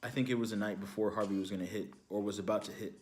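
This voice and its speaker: A man's voice: fairly low pitch, steady tone, rapid-fire, darkish tone, slight background noise. Young man giving a faith testimony. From Houston, Texas, USA. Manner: casual storytelling with fillers like "you know, like". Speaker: ministry speaker. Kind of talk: inspirational testimony message.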